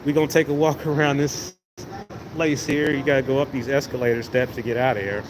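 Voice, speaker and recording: Strolling through a big indoor venue with a phone mic, this livestream host chats casually and rambles to his viewers in a relaxed way. His mid-range voice comes across flat and fairly quick. The venue behind him is noisy.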